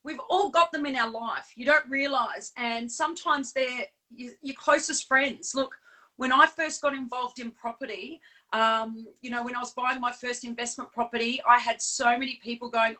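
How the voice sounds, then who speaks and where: A woman co-hosts a casual live chat in a high, bright voice. She is chatty and animated, with plenty of fillers and quick laughs. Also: poor audio. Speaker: co-host.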